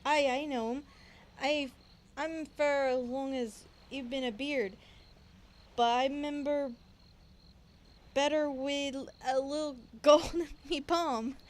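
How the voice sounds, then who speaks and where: A woman's voice: high-pitched, steady tone, takes it slowly, long pauses. A woman voicing a greedy male pirate sailor in a put-on pirate accent, stumbling over the dialect as she reads. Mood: gruff.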